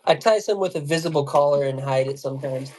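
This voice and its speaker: A man's voice: fairly high pitch, fast talker, a little mellow, slight background noise. Rambling slangy man telling fishing stories. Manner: rambling storyteller, laughs while telling stories; loose slangy speech with many fillers. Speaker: fly and jig tier on a livestream. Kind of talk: casual livestream chat.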